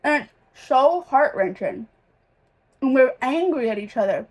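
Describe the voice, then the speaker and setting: A woman's voice: sits high, lively intonation, unhurried, a little mellow. A young woman chatting casually in a reading vlog, emotional and rambling, with many fillers and restarts. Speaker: reading vlogger.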